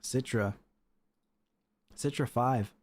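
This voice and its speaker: A man streaming from a home setup, commentating his matches in a chatty, excitable way and laughing often. His voice sits at an ordinary middle pitch. He talks straight to his viewers. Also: very slow, breathy edge. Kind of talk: live gameplay commentary.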